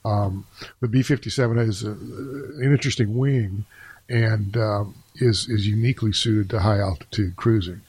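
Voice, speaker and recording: Husky, halting male co-host. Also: fairly low pitch, steady tone, a little mellow, no echo. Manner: hesitant, halting, wry. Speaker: podcast co-host. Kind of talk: casual podcast chat.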